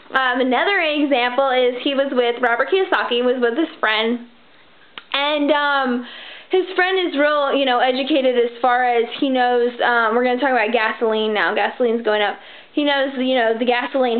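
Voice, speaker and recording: A woman chatting casually about money, rambling with many fillers and restarts and acting out the people in her stories. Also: a little high. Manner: acts out quoted people in her story. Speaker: vlogger giving financial advice. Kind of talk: casual chat. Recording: tinny phone-like sound.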